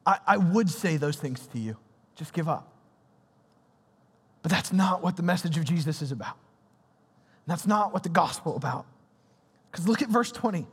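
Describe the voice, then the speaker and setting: High-voiced young man preaching casually. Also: expressive, normal speed, pauses often, slightly rough. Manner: casual, youthful slang, conversational preaching. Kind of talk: sermon. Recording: reverberant hall.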